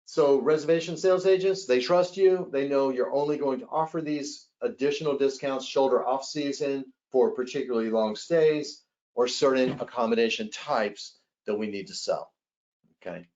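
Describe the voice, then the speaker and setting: A man leading a live hospitality sales training webcast, animated and acting out callers and agents in quick role-plays. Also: mid-range voice, lo-fi sound. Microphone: webcast mic.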